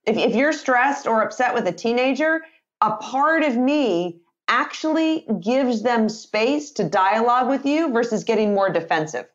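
A woman in her fifties, a communication author and sales trainer, talking energetically in a podcast interview and acting out phrases in lively voices. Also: a little high, lo-fi sound.

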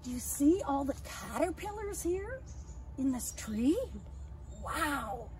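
A woman leading an outdoor lesson for young children, talking gently in a sing-song way, as if to friends. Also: high voice, sing-song, slow, slight background noise. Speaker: early years educator. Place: outdoors in a yard and woods.

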